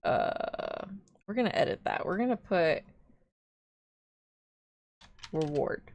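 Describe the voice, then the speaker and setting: A woman's voice: fairly low pitch, lively intonation, normal speed, a little mellow, dry recording, muffled recording. A young woman streaming live as a vtuber, chatting casually in a rambling, giggly way.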